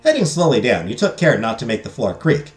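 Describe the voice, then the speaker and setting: A man's voice: medium pitch, sing-song, fairly quick, faint music behind. A man streaming a visual novel, reading the story text aloud and dropping crude joking asides. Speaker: game streamer. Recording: echoey room.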